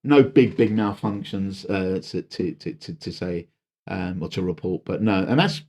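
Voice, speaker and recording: Man, lowish voice, animated storyteller, halting fillers. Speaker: podcast guest, wedding DJ. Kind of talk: casual chat, storytelling.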